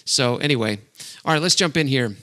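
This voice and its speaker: A man's voice: medium pitch, animated, fairly quick, sharp tone. A middle-aged man hosting a casual podcast, upbeat and rambling, laughing often between filler words. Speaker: podcast host.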